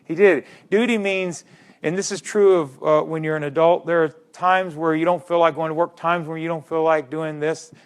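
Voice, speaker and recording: A middle-aged man delivers a public history lecture in a slightly high-pitched voice. He hammers home single words by repeating them and keeps turning to his audience with questions. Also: steady tone, normal speed, clear, resonant tone. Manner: emphatic, repeats key words, quizzes the audience.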